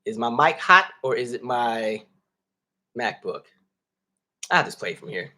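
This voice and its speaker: A man's voice: mid-range voice, animated, a little slow, pushed and bright. A man hosting a casual livestream, talking animatedly, laughing and reading viewer comments aloud. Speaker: livestream host.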